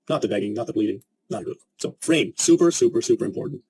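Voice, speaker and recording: A man teaching a sales lesson, emphatic and energetic, and he acts out the clients he quotes. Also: on the high side, fast, few pauses, slightly rough, low-quality recording. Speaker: sales coach.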